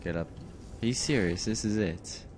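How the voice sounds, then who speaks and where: A man's voice: on the low side, moderate pace, background noise. A man commentating on a game he is playing, muttering to himself with sudden bursts of outrage. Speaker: gameplay commentator. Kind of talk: let's play commentary.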